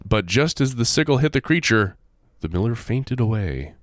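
A man hosting, reading a folk tale aloud with animated, joking asides. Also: mid-range voice, moderate pace, dry recording, studio quality. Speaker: host. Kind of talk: storytelling with jokey asides.

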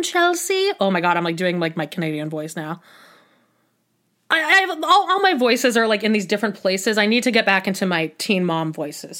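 A woman's voice: mid-range voice, a bit bright. A woman hosting a solo podcast, recapping casually and rambling with lots of filler words, restarts and wry asides. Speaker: podcast host recapping a reality show.

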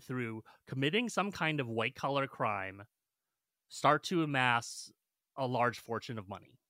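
A man co-hosting a film podcast with a bright, tense voice recorded dry and close. He talks hesitantly, with many ums, and poses questions to his co-host. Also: on the high side, dry recording. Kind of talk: casual film discussion.

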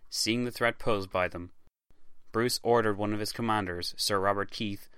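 A man narrating a history podcast from a script in a measured storytelling manner. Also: on the low side, fairly even intonation, fairly bright tone, clean tone, no room sound. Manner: measured, read-aloud storytelling. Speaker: podcast host.

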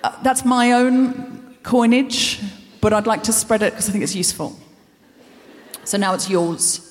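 A woman's voice: a little high, measured pace. A woman hosting a comedy podcast live on stage, delivering a rambling, anxious, self-deprecating stand-up monologue. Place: large concert hall stage. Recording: long reverb of a big concert hall.

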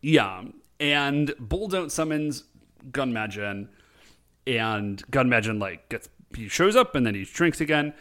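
A man co-hosting a casual chat, retelling a show with lively voiced quotes. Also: medium pitch. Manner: animated storytelling with quick voiced quotes. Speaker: podcast co-host recapping a show.

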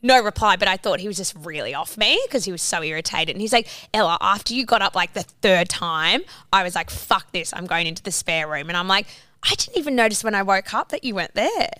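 A woman's voice: mid-range voice, expressive, fairly quick, pushed and bright, no room sound, studio quality. A young woman in her twenties, telling a story in a rambling casual chat full of "like"s and swearing.

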